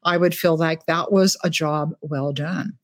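A woman author chatting in an interview, telling lively stories about her books and life. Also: deep voice, a little slow, no room sound, studio quality. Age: older. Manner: chatty, animated storyteller. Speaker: author guest. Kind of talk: casual interview chat. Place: home, West Coast.

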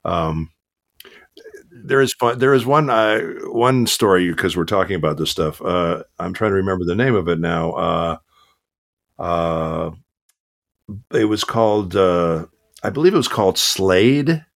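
A man with a lowish voice talks casually in an interview. He tells stories from his voice acting work in a loose, rambling way, full of "uh" and restarts. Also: unhurried, gravelly. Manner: chatty storyteller with many fillers and restarts. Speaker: voice actor guest.

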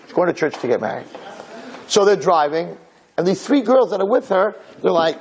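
Male storyteller, husky, raised pitch, very lively delivery. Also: normal speed. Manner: lively, dramatic, acts out characters. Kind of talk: animated religious storytelling.

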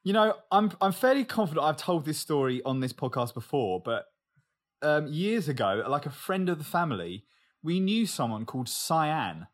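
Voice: medium pitch, big pitch swings, moderate pace. A podcast co-host chatting casually, swearing freely and acting out other people's voices.

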